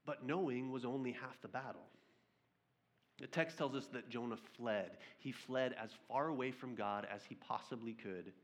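A male pastor preaching a sermon, reading scripture aloud and retelling it as lively storytelling with questions to his listeners. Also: medium pitch, normal speed.

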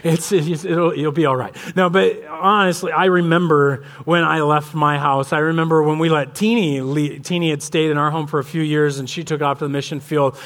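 A man's voice: fairly high pitch, fairly even intonation, fairly quick, hardly any pauses, a bit bright. A middle-aged man preaching a sermon as a pastor, telling family stories and acting out the dialogue. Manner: storytelling, acts out family dialogue.

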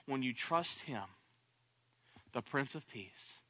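A man's voice: medium pitch, lively intonation, slow, pushed and bright. A man preaching a sermon, repeating phrases and building to impassioned cries. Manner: repetitive, rising to impassioned cries at peaks.

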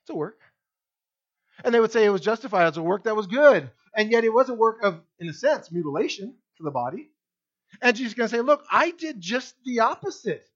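A male pastor preaching a sermon to his congregation, animated, with big swings between loud and quiet and frequent direct questions to the listeners. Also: fast talker, dull audio. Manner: animated preaching with wide swings in pitch and loudness.

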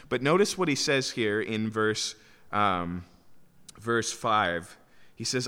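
With big swings in pitch around a mid-range base, a man preaches slowly and with a sharp tone. As the pastor, he stresses his explanations and keeps asking rhetorical "right?" questions while the sanctuary's long church-hall reverb trails behind him.

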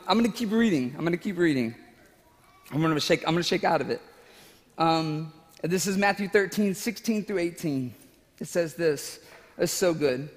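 A man's voice: a little high, animated, normal speed. Man preaching in a reverberant hall. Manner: emotional, tearful at times, laughing asides. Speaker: pastor. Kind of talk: sermon with personal story.

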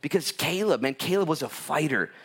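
Animated, higher-voiced man preaching. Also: fairly quick, slightly rough. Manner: animated, lively storytelling with big swings in pitch. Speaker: pastor. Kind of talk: sermon with personal storytelling. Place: church sanctuary.

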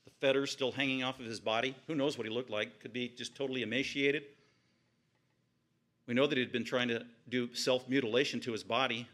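A man preaching a verse-by-verse sermon, retelling the story vividly with piled-up phrases and sudden swings from quiet murmurs to high exclamations. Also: steady tone, a little fast. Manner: retells scripture vividly, piling up repeated phrases. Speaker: pastor. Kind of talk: expository sermon.

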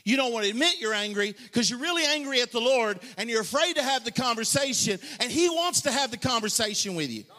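A man preaches to his congregation in a strikingly high voice that swoops up and down with lively energy. He slips into joking, casual asides, then builds to shouted, half-sung lines. The sound rings with the long reverb of a big sanctuary. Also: fast talker, few pauses. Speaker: pastor. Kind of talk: sermon. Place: church sanctuary.

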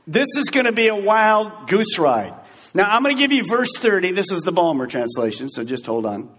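A male pastor delivers a lively, joking sermon and acts out little scenes. His voice sits high and swings widely, with a husky edge. A long reverb from a large hall trails behind him. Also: moderate pace. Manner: animated and joking, acting out scenes.

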